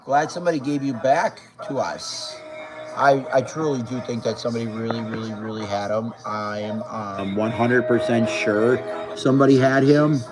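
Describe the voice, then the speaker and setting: A man's voice: mid-range voice, fairly even intonation, normal speed, low-quality recording. A man talking casually to camera in a rambling way, stumbling, repeating words and swearing as he goes. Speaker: vlogger. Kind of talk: casual vlog talk. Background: faint music.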